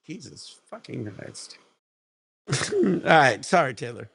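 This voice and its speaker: Loud, cussing man on a livestream. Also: medium pitch, very animated, slow pace, creaky, long pauses, slightly rough. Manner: profane, laughing, ranting. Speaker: livestream host. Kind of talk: casual livestream chat.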